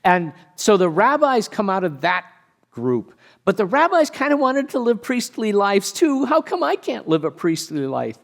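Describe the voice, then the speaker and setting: A man, a pastor, giving a conversational sermon with casual asides and animated storytelling. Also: high-pitched, normal speed.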